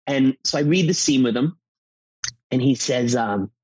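A man in his fifties, an actor, chatting casually and telling animated stories. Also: mid-range voice, unhurried, husky, dry recording, muffled recording. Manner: animated storyteller, acts out quotes. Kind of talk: casual chat.

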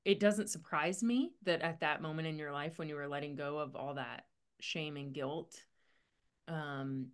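Low-voiced woman hosting a faith podcast. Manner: thoughtful, halting, many restarts and fillers. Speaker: podcast host; women's ministry mentor. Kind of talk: faith-based casual conversation.

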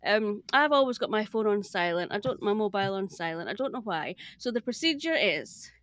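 A woman's voice: mid-range voice, expressive, brisk, fairly bright tone, no room sound, studio quality. A Scottish woman, a podcast guest calling in remotely with her camera off, who tells stories animatedly, laughs often and acts out what other people said. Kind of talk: casual chat, animated storytelling. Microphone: remote call, camera off.

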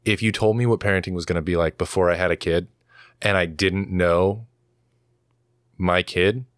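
A young man telling stories in casual chat, animated, with lots of fillers and swearing. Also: low voice, normal speed, no echo, studio quality.

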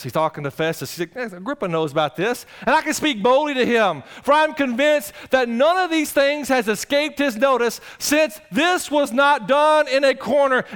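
A male pastor preaching a conversational sermon, swinging between loud exclamations and quiet asides. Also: extremely high pitch, clean tone.

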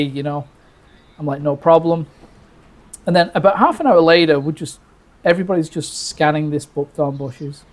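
British guy telling a birding story, animated, stumbles and repeats himself, does the voices of people in it. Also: on the high side, normal speed. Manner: animated, restarts often, acts out quoted lines. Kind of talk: casual storytelling.

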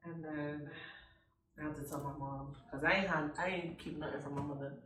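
Young woman, candid storyteller, slightly low pitch, echoey room, distant mic. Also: steady tone, normal speed, fairly bright tone. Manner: blunt, profane storytelling, acting out quoted lines. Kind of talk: candid casual chat.

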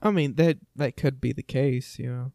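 A man's voice: medium pitch, steady tone, moderate pace, vocal fry, warm tone, no room sound, clean studio sound. A man co-hosting a podcast in casual chat, joking and rambling. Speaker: podcast co-host.

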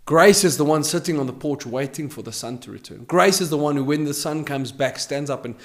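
A man preaching a podcast sermon, emphatic and repeating his key phrases, swinging between loud declarations and hushed lines. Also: fairly high pitch, brisk.

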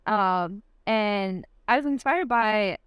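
A woman's voice: mid-range voice, animated, takes it slowly, clean tone, no room sound. A young woman from Michigan with a Michigan accent, chatting casually as a podcast guest, upbeat and laughing often. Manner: upbeat, giggly, many likes. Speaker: guest athlete.

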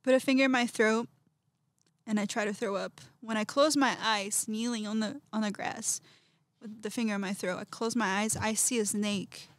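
A woman, a podcast guest, telling a personal story in an animated way, acting out quotes and laughing often. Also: medium pitch, normal speed, no echo.

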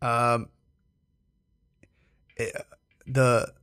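Podcast host, loose and jokey, lots of ums, dry close mic. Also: male voice, mid-range voice, completely flat delivery, very slow, a bit bright, smooth, no room sound. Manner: loose, joking, many fillers. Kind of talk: casual podcast chat.

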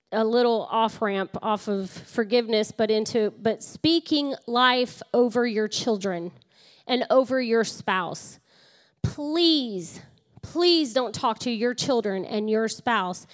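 A middle-aged woman pastor preaching in a church, her voice sitting a little high. She slides between chatty, laughing storytelling and earnest exhortation to the congregation. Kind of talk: sermon.

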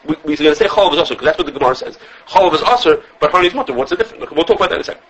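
A man teaching an informal religious law class, talking fast with lots of restarts and acting out the sources he quotes. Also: fairly high pitch, expressive, slightly rough, dull audio. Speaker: Torah teacher.

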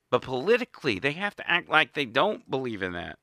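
A man's voice: on the high side, very animated, fairly quick, hardly any pauses, bright, forceful tone, no room sound. A man giving an indignant, sarcastic political monologue as host, recorded in a small studio. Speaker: political commentator. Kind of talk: opinionated monologue.

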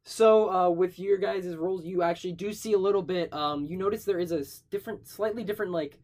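A man's voice: high-pitched, fairly quick, a little mellow. A young man narrating as game master in a tabletop game, casual and improvising, with loose swearing.

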